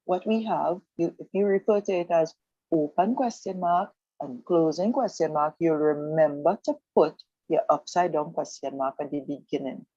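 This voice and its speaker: Patiently explaining and slowly repeating words, a Spanish teacher delivers a radio language lesson in a low, mellow voice. The recording is close, muffled and dry.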